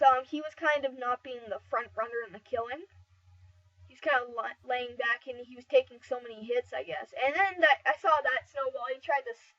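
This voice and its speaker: A woman giving casual, rambling game commentary over footage, excitable and full of fillers and restarts. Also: high voice. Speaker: gameplay commentator. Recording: dull lo-fi mic, slightly distant.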